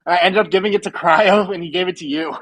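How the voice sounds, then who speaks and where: A man's voice: high voice, fast, fairly bright tone, low-quality recording. A young man co-hosting a podcast in casual chat, laid-back and chuckling as he talks. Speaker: podcast co-host.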